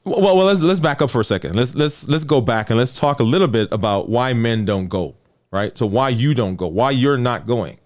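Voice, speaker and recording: At a moderate pace, a man speaking as a physician delivers a chatty health talk with animated pitch, sinking low and quiet on key words. He keeps checking in with listeners and repeats phrases to drive points home.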